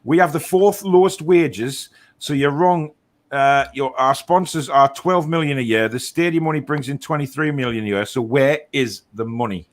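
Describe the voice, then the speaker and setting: A man's voice: medium pitch, normal speed. A man hosting a casual fan phone-in, laid-back and jokey, often repeating his words. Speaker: host. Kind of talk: casual chat.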